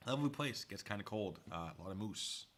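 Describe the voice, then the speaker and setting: A man's voice: fairly low pitch, animated, a little fast, noisy background. A man giving casual live-stream commentary at a desk mic, rambling and chatty with asides to his viewers. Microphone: desk mic pulled close.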